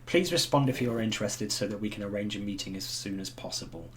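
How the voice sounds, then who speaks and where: A man's voice: fairly low pitch, fast, lightly acted. A man reading out a letter as a posh male pub owner, formal and stiff. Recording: noisy home recording.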